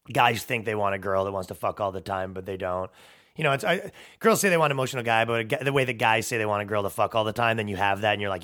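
A man hosting a podcast, telling a comedic story in a profane, rambling, animated way. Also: mid-range voice.

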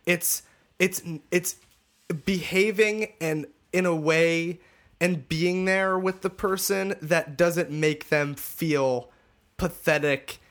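High-voiced man chatting on a podcast. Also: a bit bright. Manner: halting, swears a lot, many restarts. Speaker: podcast host. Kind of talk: casual podcast chat. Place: room, recorded for a podcast.

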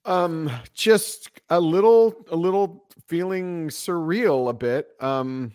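A man co-hosting a sports podcast, relaxed and reflective in casual chat. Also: a little high, slow, clear, resonant tone, no echo, clean studio sound. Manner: relaxed and reflective, chuckling often. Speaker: podcast co-host.

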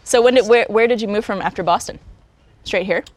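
A woman's voice: medium pitch, brisk. A woman co-hosting a casual chat, teasing and playful with the guest. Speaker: co-host.

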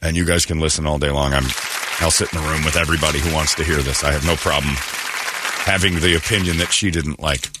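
A man's voice: a bass voice, steady tone, quick pace, over a noisy crowd, very noisy. A man hosting a radio morning show, ranting sarcastically in a talk radio monologue.

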